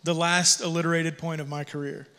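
Heard first is a long reverb tail, as a man preaches from a church stage. His voice sits high and sounds bright and sharp. He tells the story like a joking, casual pastor and throws in slang. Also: flat delivery, brisk, clear, resonant tone. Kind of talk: sermon. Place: church sanctuary.

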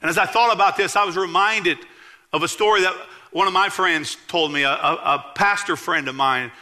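Bright-voiced pastor preaching. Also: male voice, moderate pace. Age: 40s. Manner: earnest preaching, rising emphatic then dropping low for storytelling. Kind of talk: sermon.

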